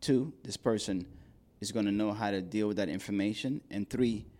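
A man's voice: lowish voice, moderate pace, a little mellow. A man talking as a podcast guest and consultant. He is casual and profane, and he acts out other people's voices when he quotes them. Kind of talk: casual conversation.

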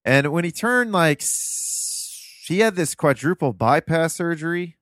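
Smooth-voiced man reminiscing as a guest. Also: a little high, expressive, a little slow, fairly bright tone, dry recording, clean studio sound. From Ohio, US. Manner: earnest, reminiscing, loose and rambling. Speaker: podcast guest. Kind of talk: casual interview storytelling.

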